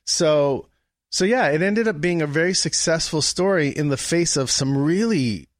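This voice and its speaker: A man's slightly high voice carries a lively story he tells as a guest in a casual chat, acting out the people he quotes. He speaks at normal speed, and the sound is studio quality with no echo.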